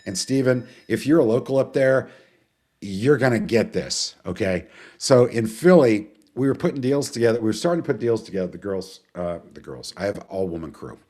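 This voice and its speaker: A man's voice: on the low side, expressive, normal speed, a little mellow. A man hosting a live webinar in a chatty, rambling way, greeting viewers and answering their questions. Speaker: webinar host. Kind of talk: casual live webinar talk.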